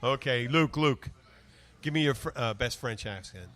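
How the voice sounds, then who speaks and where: A man's voice: medium pitch, normal speed, a bit bright. A man with an American accent hosting a podcast in loose, rambling casual chat, swearing and laughing often. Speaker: podcast host.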